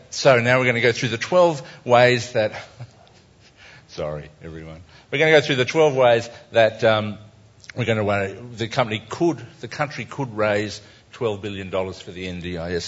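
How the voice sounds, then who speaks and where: A man's voice: on the low side, expressive, moderate pace. Wry Australian man on a dull recording. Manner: wry, chatty, self-mocking. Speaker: cartoonist presenting his cartoons. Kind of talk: casual live talk to an audience.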